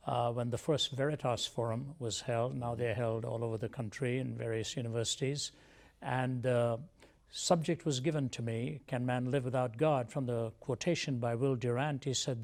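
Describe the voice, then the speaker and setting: A man from India with a gravelly edge to his voice. He tells his story as a guest on a TV interview, measured and earnest, at a middle pitch.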